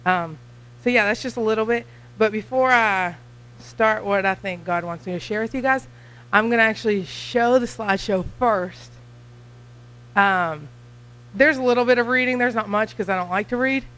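A young woman with a Kentucky accent giving a church mission talk, chatty and nervous, talking fast. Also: medium pitch, fairly bright tone, low-quality recording. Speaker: missionary guest speaker.

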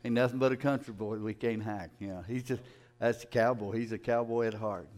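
A man, a pastor making relaxed, folksy remarks during a church service. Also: medium pitch, fairly quick. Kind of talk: casual church announcements. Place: church sanctuary.

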